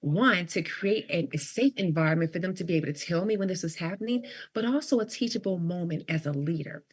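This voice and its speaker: Husky-voiced middle-aged woman telling a story. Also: fairly low pitch, brisk. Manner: animated storyteller who acts out quoted dialogue. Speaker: guest, leadership coach. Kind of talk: storytelling in a podcast interview.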